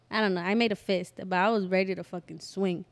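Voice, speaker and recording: Young woman telling a story, animated. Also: medium pitch. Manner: animated storyteller who acts out quotes and swears freely. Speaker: podcast host. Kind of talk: casual chat.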